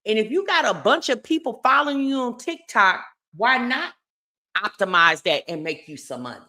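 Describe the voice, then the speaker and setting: Chatty woman with a bright, lively voice. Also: on the high side, normal speed. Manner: chatty, opinionated, addresses viewers as y'all. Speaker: commentary host. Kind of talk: casual gossip commentary.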